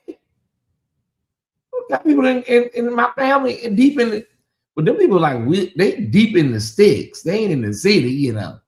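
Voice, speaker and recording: A man's voice: sits high, sing-song, normal speed, pauses often. Chatty Southern man hosting a livestream. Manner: chatty, talks straight to viewers, reads and answers chat. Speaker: livestream host. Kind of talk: casual livestream commentary.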